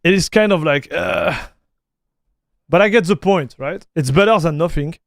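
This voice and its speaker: A man's voice: a little high, normal speed, creaky, no echo, clean studio sound. A man with a French accent, chatting loosely on a live tech stream, with many fillers and repeated words. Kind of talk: casual livestream chat while installing software.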